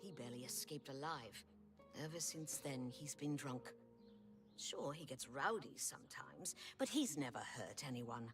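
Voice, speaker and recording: Low, lively bitter townswoman. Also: unhurried, over music. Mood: weary. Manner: indignant, scornful complaining. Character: bitter townswoman angry at corrupt guards. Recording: game audio, slightly distant.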